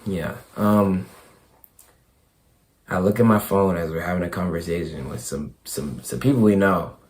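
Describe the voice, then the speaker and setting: Hoarse young man, stammering and fired up. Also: low voice, measured pace. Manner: stammering, repeats himself, swings from quiet to loud. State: hoarse, voice worn out. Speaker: basketball YouTuber. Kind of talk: excited casual vlog.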